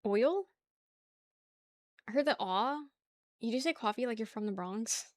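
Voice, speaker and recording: A woman's voice: on the high side, lively intonation, unhurried, darkish tone, dry recording. A young woman from the New area, chatting casually on a stream, rambling, laughing often and reading chat aloud. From New York area.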